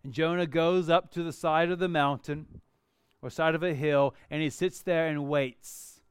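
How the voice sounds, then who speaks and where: Guy preaching a sermon, kinda high voice, really clean and clear, gets loud and punchy on the bible bits. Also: dry recording, clean studio sound. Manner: expressive preaching, rising to emphatic bursts when reading scripture. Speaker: pastor.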